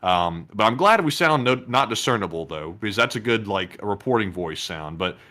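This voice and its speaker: Easygoing co-host with a softened Southern accent. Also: male voice, lowish voice, animated, brisk. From Lower Alabama, US. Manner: easygoing, chatty, reads donor messages. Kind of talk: casual live-stream banter.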